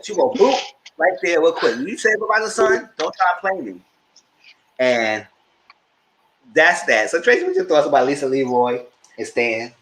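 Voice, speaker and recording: A man hosting a TV review show, recapping scenes in a lively, casual way and acting out people's lines in exaggerated voices. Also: moderate pace, pauses often, reverberant, slight background noise. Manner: acts out quotes in exaggerated voices, squeals high.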